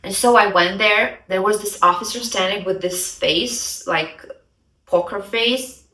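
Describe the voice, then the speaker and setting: A woman telling a story in a chatty, animated way and acting out the dialogue. Her voice is bright and forward. The sound is roomy and picked up from a little way off the mic. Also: medium pitch, measured pace. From Russia. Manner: chatty, acts out the dialogue, many "like" fillers. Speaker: vlogger. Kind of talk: casual storytelling. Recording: roomy, somewhat distant mic.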